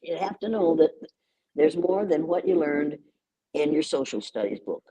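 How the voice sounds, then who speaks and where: A woman's voice: sits low, expressive, moderate pace, dark tone, slight background noise, low-quality recording. An older American woman speaking as an interview guest, emphatic and repeating words for stress. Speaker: guest educator. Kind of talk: conversational interview.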